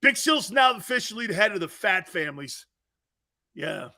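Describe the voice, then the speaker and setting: Male sports talk host, loud and excitable, bright gravelly voice with big pitch swings. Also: moderate pace. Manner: loud, laughing, shouting, mocking asides. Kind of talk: energetic sports talk rant.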